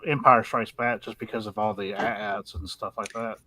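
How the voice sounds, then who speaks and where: A man joining a casual online chat, speaking in a hesitant, halting way. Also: fairly low pitch, fairly even intonation, bright, forceful tone, a little hiss or hum.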